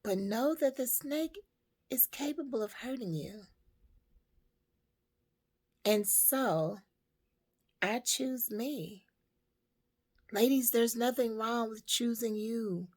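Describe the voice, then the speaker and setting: A woman telling a parable and giving life advice to women in a slow, emphatic, preaching way. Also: fairly high pitch. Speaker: storyteller and motivational speaker.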